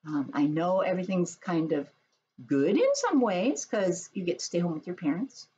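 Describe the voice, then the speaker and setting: A woman reading gentle preschool teacher voice, lively. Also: fairly low pitch, moderate pace, slightly rough, highs cut off. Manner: gentle, expressive storytelling to small kids. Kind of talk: reading a picture book and chatting to young children.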